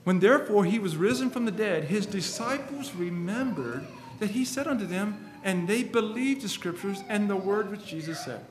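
A man's voice: high voice, expressive, moderate pace, hardly any pauses, echoey room. A man preaching a sermon, earnest and emphatic, quoting scripture at length.

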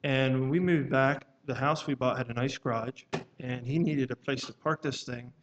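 A man preaching a sermon at a church service, speaking in a measured, halting way and reading scripture aloud in old-fashioned wording. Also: medium pitch, fairly even intonation, lo-fi sound, slight background noise.

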